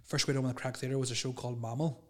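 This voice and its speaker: A man telling a rambling, animated story in casual chat, laughing and swearing as he goes. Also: medium pitch, rapid-fire. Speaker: podcast guest telling stories.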